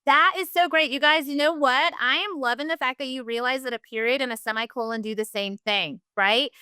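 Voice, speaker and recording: Upbeat woman teacher, bright voice. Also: high voice, a little fast, clean tone, no room sound, studio quality. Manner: upbeat, encouraging, uses "y'all". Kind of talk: virtual class lesson.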